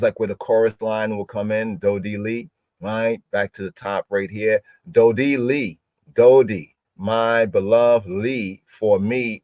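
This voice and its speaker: Slow, low-voiced man teaching Hebrew words. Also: no echo, highs cut off. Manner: slow, repeats words and sounds them out. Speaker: religious teacher. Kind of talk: Hebrew word study for a podcast.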